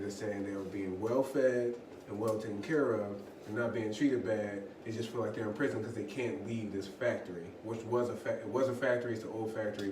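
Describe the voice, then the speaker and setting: A man co-hosting a casual podcast chat, setting up topics and posing questions conversationally. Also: on the low side. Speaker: podcast co-host. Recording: roomy, distant mic, faint noise.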